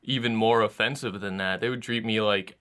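Young man, bright tense voice, halting, restarts, casual chat. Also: on the low side, fairly even intonation, smooth.

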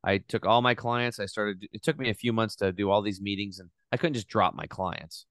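A middle-aged man telling his story in a casual, animated way as a podcast guest, swearing now and then. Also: on the low side, fairly quick, no room sound, studio quality.

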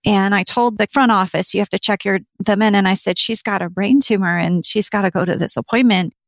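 A woman's voice: mid-range voice, fairly quick, creaky, no echo. A middle-aged woman telling a personal story in an interview, earnest, acting out what people said. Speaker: interview guest.

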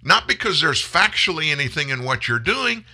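A male talk radio host giving an impassioned monologue, speaking emphatically to listeners, rising to loud bursts and dropping low again. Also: sing-song, normal speed. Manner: addresses listeners as folks.

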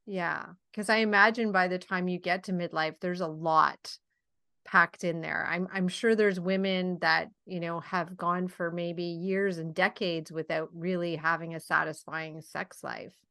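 A woman's voice: lowish voice, fairly even intonation, a little slow, vocal fry, bright, forceful tone. A woman hosting a podcast interview, affirming her guest and asking reflective questions. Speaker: podcast host. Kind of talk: interview conversation.

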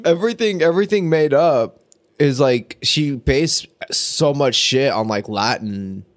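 A man's voice: medium pitch, lively intonation, measured pace. A man co-hosting a podcast in casual chat, with a dry manner and frequent laughter. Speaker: podcast co-host.

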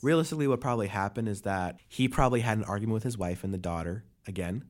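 A young man co-hosting a casual podcast, giving his take in a relaxed, rambling way. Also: lowish voice, racing. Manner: relaxed, rambling, lots of fillers. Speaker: podcast co-host. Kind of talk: casual chat.

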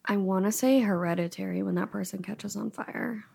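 A woman's voice: medium pitch, normal speed, creaky, heavy background noise. A woman co-hosting a podcast in casual chat, playful and competitive, laughing often. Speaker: podcast co-host.

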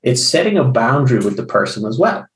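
A man's voice: medium pitch, very animated, fairly quick, recorded from a distance. A man co-hosting a casual podcast chat about coaching, blunt and swearing, acting out other people's lines with big jumps in his voice. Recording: roomy echo.

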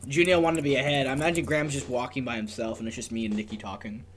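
Man, tabletop player, joking, loose, swears, mid-pitched voice. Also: flat delivery, racing, slight background noise. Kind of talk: casual tabletop game chat.

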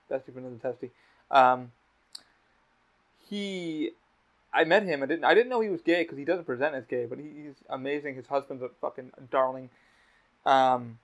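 Fast-talking, swearing young man. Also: mid-range voice. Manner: heavy swearing, rambling storytelling. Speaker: podcast host. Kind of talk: casual podcast chat. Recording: dull lo-fi podcast audio.

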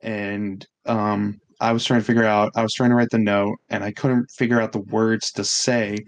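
A man's voice: on the low side, moderate pace. A young man, telling a story on a casual podcast, swearing often and acting out what others said. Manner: animated, swears a lot, acts out quotes. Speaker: podcast co-host.

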